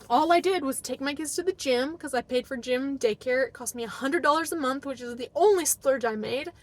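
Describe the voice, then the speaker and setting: A woman's voice: high voice, fairly quick, few pauses. A young woman vlogger telling her own story in a casual, emotional way, acting out past arguments and saying "like" a lot. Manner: emotional, re-enacts past arguments, heavy use of "like".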